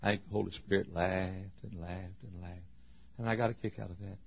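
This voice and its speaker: A male pastor preaching a sermon with emotional storytelling, swinging from hushed tones to shouts. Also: sits low, steady tone, brisk, vocal fry, slight background noise. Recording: dull lo-fi sermon recording.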